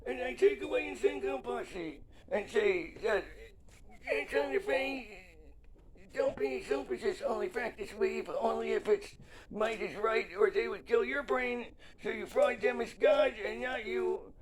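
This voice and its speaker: A man speaking a solo monologue in fragmented bursts, often cutting himself off mid-sentence and swinging between shouting and quiet, flat delivery. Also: very high voice, measured pace. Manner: fragmented, keeps cutting himself off with short interjections.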